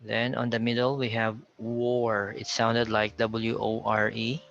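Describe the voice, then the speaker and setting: A man with a Filipino accent teaching a pronunciation lesson, slowly repeating words to contrast how they sound, with faint music behind him on a lo-fi recording. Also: on the low side, flat delivery, vocal fry, fairly bright tone, slight background noise. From Philippines.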